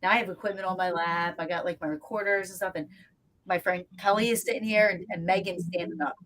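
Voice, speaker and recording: A woman guest, a paranormal investigator, telling stories in a lively, casual way with lots of fillers. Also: fairly low pitch, quick pace. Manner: animated storyteller, acts out scenes, frequent fillers. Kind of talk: casual storytelling interview.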